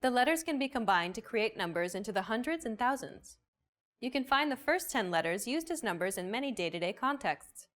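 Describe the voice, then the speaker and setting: Lesson host, woman, slightly high and animated, soft music under. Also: fairly quick. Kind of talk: scripted lesson narration.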